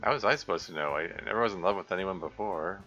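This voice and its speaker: An awkward, flustered schoolboy with a put-on British accent, as a man plays him, speaking low and halting. The recording is dull and lo-fi with faint music, and the tone is bright and sharp. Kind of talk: voice-acting a visual novel.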